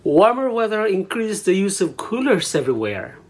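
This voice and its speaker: A Filipino man with a Filipino accent, chatting casually in a teaching vlog and repeating words slowly so viewers can practice saying them. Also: sits high, big pitch swings. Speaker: language vlogger.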